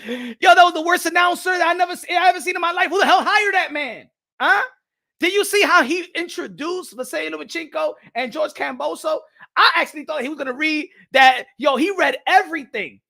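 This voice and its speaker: A man giving casual boxing reaction commentary, excitable and profane, laughing often and repeating himself. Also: extremely high pitch, brisk, creaky.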